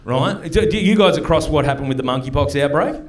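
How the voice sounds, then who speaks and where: A middle-aged man with an Australian accent, performing a stand-up comedy set in a club and telling chatty, punchy stories with quick mock voices. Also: a little high, expressive. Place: comedy club stage before a live audience.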